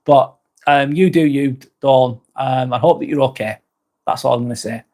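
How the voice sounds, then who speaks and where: A man's voice: mid-range voice, normal speed, dark tone. A man hosting a casual livestream chat, reading out viewer comments, swearing casually and laughing often. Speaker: livestream host.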